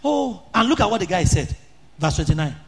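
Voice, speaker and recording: A man preaching an impassioned sermon, often rising to shouts and sing-song chanting. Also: high voice, very animated, fairly quick, creaky.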